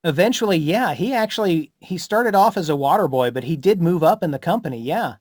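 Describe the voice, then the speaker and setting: A man's voice: on the high side, animated, a little fast, no room sound. Informative man explaining with a dry sound. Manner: informative, explains history, introduces songs. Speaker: co-host. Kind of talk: casual chat.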